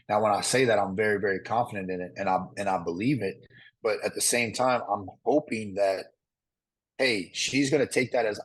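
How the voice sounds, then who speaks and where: A man being interviewed about his time on a competition show, talking in a quick, rambling way with lots of "like" and "uh" fillers. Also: lowish voice. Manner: fast, rambling, fills with "like" and "uh". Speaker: reality show contestant interviewee. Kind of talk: candid interview.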